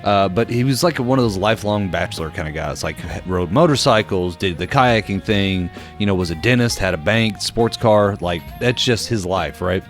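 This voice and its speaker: A young man with a fairly low voice tells a casual story at a moderate pace with few pauses, faint guitar music playing behind him. As a podcast co-host, he's an animated storyteller who acts out voices and uses many fillers.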